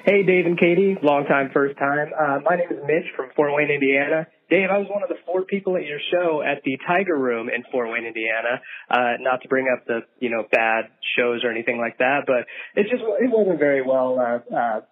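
A man's voice: medium pitch, fairly quick. A man leaving a hesitant, rambling voicemail for a podcast, with many fillers. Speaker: caller. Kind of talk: voicemail message. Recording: tinny phone voicemail.

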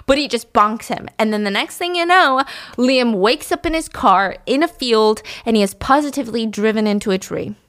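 A woman host casually recapping a story, animated and chatty, swearing freely. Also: a little high, moderate pace, no echo, clean studio sound.

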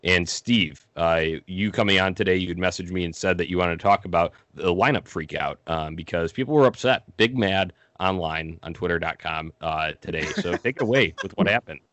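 A man's voice: deep voice, a little fast, few pauses, fairly bright tone, no echo. A man hosting a casual sports podcast, upbeat and full of fillers, plugging the show. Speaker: podcast host.

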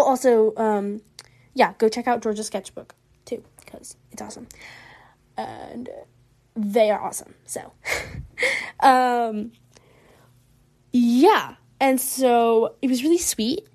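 A woman's voice: a little high, a little mellow. A woman chatting casually while she draws, rambling and self-deprecating with frequent restarts. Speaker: art vlogger. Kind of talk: casual chat while drawing.

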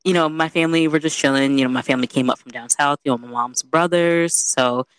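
Woman, young adult, casual storyteller, animated and chatty, dry close mic. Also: sits low, fast, clean tone, dry recording. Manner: animated, chatty, peppered with "you know".

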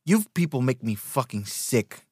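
A scornful older politician who drawls out his insults slowly, as a man puts him on. His contempt comes through in the clipped delivery, which sits close to the performer's own voice. The recording is dry. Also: medium pitch, very animated, a little mellow, slightly rough, no room sound. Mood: sneering.

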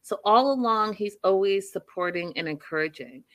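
A woman casually recapping a reality show, telling the story in an animated, opinionated way. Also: medium pitch, moderate pace.

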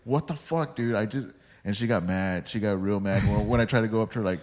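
A man's voice: fairly low pitch, steady tone, fast talker, a little mellow. Laid-back man telling a rambling story. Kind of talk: casual chat, storytelling. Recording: long hall reverb.

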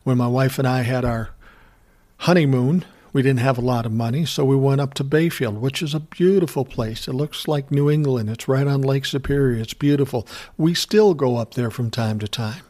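A man's voice: mid-range voice, normal speed, a little mellow. Middle-aged man from Minnesota, casual profane ranter, laughs between lines. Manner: profane, blunt storytelling with chuckles. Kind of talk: casual ranting monologue.

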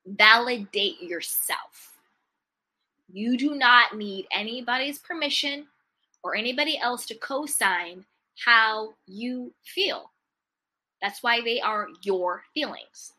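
Bright emphatic woman giving a pep talk. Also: a little high, slow, low-quality recording. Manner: emphatic, repetitive affirmations; swings between loud stresses and soft trailing phrases. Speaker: self-help speaker. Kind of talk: motivational talk.

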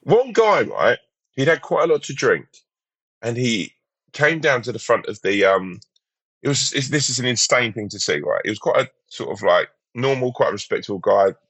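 A man's voice: on the low side, lively intonation, moderate pace, fairly bright tone, dry recording. A man chatting casually, rambling through anecdotes with many restarts and acted-out quotes. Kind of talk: casual chat.

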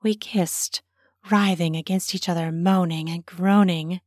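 A woman narrating her own erotic story in a slow, intimate way, slipping into whispers. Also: lowish voice, darkish tone, no echo, clean studio sound.

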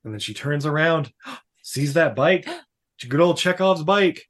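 Animated swearing podcast man. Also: a little high, slow. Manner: animated, swears a lot, jumps into silly character voices. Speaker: podcast co-host. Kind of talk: casual movie recap chat.

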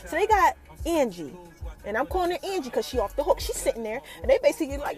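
A woman with a high, bright voice hosts a podcast and recaps a TV episode in loose, slangy talk. Her pitch swings up and down a great deal as she keeps calling out to her listeners. She teases them with questions like she's sharing gossip. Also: very animated, fast, faint music behind. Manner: teasing questions to the audience. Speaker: podcast host.

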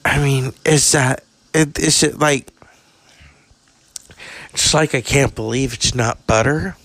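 A brash, bawdy older actress with a crude, campy delivery, as a man puts her on. The voice is heavily gravelly with lots of fry, and it is spoken slowly and deliberately. The sound is dry and close. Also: medium pitch, a bit bright, no echo.

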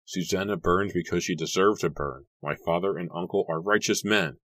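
A pious young man, stern and self-righteous, who answers in brusque declarations, as a male reader voices him. The voice sits very low, recorded dry and close. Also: moderate pace, fairly bright tone, no room sound. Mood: indignant.

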